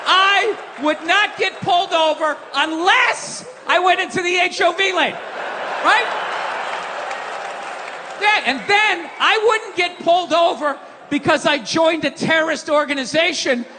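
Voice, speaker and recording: A man doing a stand-up rant on stage, cursing freely and yelling his punchlines while mocking people in put-on voices. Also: very high-pitched, moderate pace. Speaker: stand-up comedian. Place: large comedy venue with a live audience. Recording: live stage recording, long hall reverb, crowd noise.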